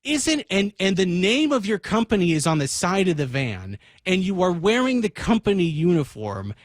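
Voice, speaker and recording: A man's voice: sits high, moderate pace, no room sound. Dry-voiced man telling a comic story. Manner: animated, self-mocking, acts out dialogue. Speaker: radio show co-host. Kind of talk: comic storytelling on talk radio. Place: radio studio. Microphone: studio microphone.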